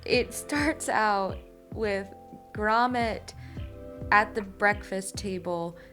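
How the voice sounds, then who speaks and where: A woman in easy, casual conversation, recounting a story in loving detail with animated enthusiasm. She speaks at an ordinary middle pitch, with faint music audible underneath. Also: extremely slow. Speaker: co-host of a drawing channel. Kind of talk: casual chat while drawing.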